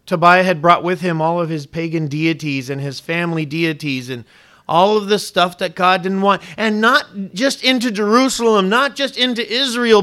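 A male pastor preaches a sermon with rising emphasis, leaning hard on key words and putting questions directly to the congregation. His high voice is bright and forceful.

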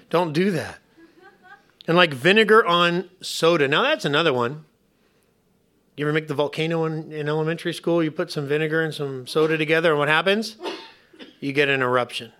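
A man preaching a sermon as a pastor and hospice chaplain, conversational and humorous, going soft and quiet on serious points. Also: on the high side.

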